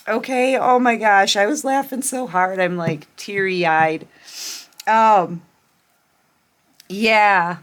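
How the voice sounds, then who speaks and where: A woman's voice: medium pitch, fairly bright tone. A woman doing a casual tarot reading at home at night, chatty and often laughing, with many fillers. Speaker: tarot reader.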